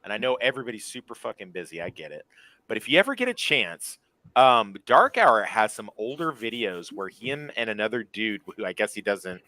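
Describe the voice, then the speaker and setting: A man co-hosting a podcast in casual chat, telling stories in a crude, profane, animated way. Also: on the low side, fairly quick, no room sound, rough recording. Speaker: podcast co-host.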